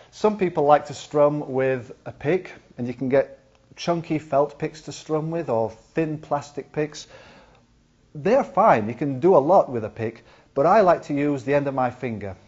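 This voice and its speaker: A man's voice: mid-range voice, darkish tone. A man teaching the ukulele, explaining patiently step by step as he demonstrates. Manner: patient, counts beats aloud while demonstrating. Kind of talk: instructional lesson. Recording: slightly dull lo-fi video recording. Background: ukulele playing.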